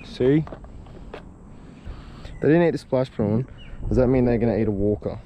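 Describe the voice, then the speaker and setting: A man narrating his own fishing trip in a casual vlog, excitable and swearing when the fish won't bite. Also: medium pitch, normal speed, muffled recording, a little hiss or hum. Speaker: fishing vlogger. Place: outdoors on the water.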